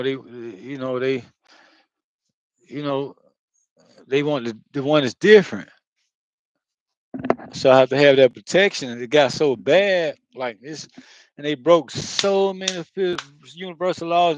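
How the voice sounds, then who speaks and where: A man's voice: mid-range voice, a little slow, pauses often, dry recording, low-quality recording. A man talking in a loose, rambling monologue, swearing often and circling back with lots of filler phrases. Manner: repeats himself, circles back. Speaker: spiritual video host.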